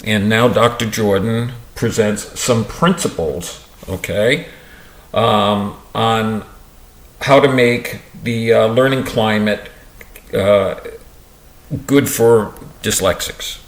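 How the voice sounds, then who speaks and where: Slow, unpolished male reader in an echoey room. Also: fairly low pitch. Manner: unpolished, restarts misread words and comments. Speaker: reader of a book on dyslexia. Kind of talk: reading aloud with asides.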